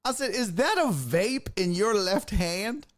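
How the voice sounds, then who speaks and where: A man hosting a podcast, telling a comedic story in a profane, animated way and acting out what he said. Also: high voice, measured pace, slight background noise. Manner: profane, animated, acts out his own quotes. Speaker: podcast host.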